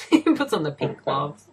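A woman's voice: deep voice, very animated, takes it slowly, slight background noise, rough recording. An Australian woman chatting casually and swearing freely while commenting on a movie with a friend. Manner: swearing, laughing, filler-heavy chat. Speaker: co-host.

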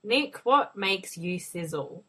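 A woman's voice: mid-range voice, lively intonation, slow, a bit bright, husky, low-quality recording. A woman co-hosting a casual podcast, teasing guests and asking them questions. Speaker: podcast co-host. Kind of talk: casual chat.

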